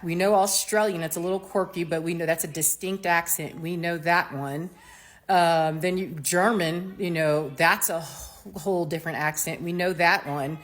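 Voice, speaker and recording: A woman from the United States giving a casual opinion monologue as a commentator, animated and mocking, with slangy asides. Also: lowish voice.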